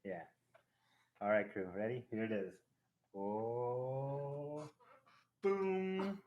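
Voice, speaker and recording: Male stream host, lowish voice, casual rambling storyteller who acts things out. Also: moderate pace, dull audio. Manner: animated, acting out a ride with sound effects; rambling, with restarts and fillers.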